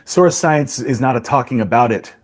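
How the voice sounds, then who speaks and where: A man's voice: mid-range voice, expressive, normal speed. Male podcast host, mid-range voice, reflective, thinks aloud with rhetorical questions. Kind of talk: philosophical discussion.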